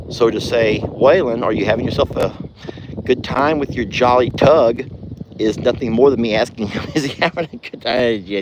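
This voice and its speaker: A man's voice: mid-range voice, background noise. A man chatting folksily as host of a farm livestream, outdoors. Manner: folksy, chatty, calls loudly to his deaf dog. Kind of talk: casual livestream chat.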